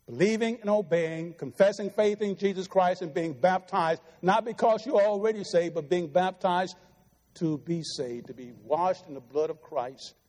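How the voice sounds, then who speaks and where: A man's voice: high voice, normal speed, a little mellow. A middle-aged man preaching a sermon in a church, pleading earnestly with his listeners. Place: church sanctuary. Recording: long reverb of a church hall.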